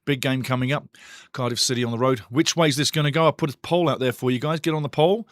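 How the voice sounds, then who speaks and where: A man hosting a live football watch-along stream, chatty and excitable as he greets his chat and reads out the lineups. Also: mid-range voice, quick pace, dry recording, clean studio sound. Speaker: watch-along show host.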